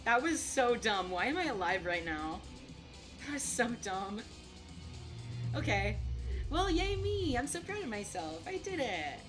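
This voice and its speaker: A woman's voice: medium pitch, sing-song, unhurried, over music. A young adult woman chatting casually as she comments on her gameplay, giggling often. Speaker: gaming streamer.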